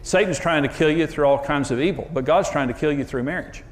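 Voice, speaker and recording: A man's voice: on the high side, quick pace. A man preaching on marriage, telling candid, self-mocking stories and leaning hard on his punchlines. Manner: candid, self-deprecating storytelling; emphatic, building up to punchlines. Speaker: marriage speaker. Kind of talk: preaching talk with personal stories.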